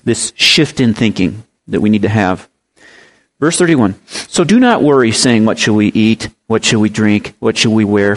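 A man preaching a sermon, telling a lively parable and explaining scripture, with animated rises in pitch for emphasis. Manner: explains Greek word meanings. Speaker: pastor. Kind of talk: sermon with storytelling.

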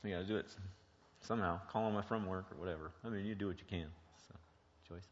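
Low-voiced man teaching a marriage class. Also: fast talker. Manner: plain-spoken, asks the class rhetorical questions. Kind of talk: informal Christian marriage teaching with Q&A. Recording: dull lo-fi sound with long reverb.

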